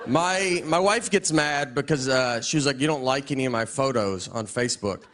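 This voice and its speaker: A man performing a stand-up set in a deadpan, meandering way with frequent restarts. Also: medium pitch, moderate pace. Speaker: stand-up comedian. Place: live comedy stage before an audience. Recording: live set with audience laughter. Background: crowd laughter.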